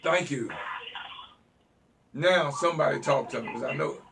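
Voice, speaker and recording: Heard far from the mic over background noise, this male call-in host delivers a fiery, preachy monologue, stumbling over words and repeating himself when riled. He speaks at a moderate pace in a fairly high, creaky voice.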